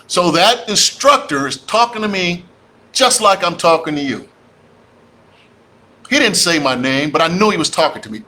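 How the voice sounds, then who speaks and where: Fired-up high bright-voiced man. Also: normal speed. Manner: animated, preachy, addresses audience as y'all. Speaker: real estate investor speaker. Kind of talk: fired-up livestream talk.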